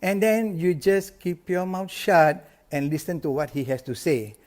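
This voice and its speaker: A man's voice: fairly high pitch, normal speed. A middle-aged man, coaching insurance agents in an emphatic, motivational live talk. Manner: energetic, emphatic, repeats key lines.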